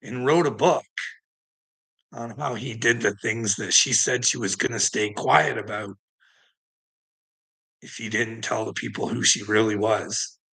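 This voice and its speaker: A man's voice: on the low side, fairly even intonation, unhurried, gravelly, long pauses, bright, forceful tone, husky, low-quality recording. A man ranting bluntly and indignantly in a casual monologue, swearing heavily as he talks to his viewers. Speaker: vlogger.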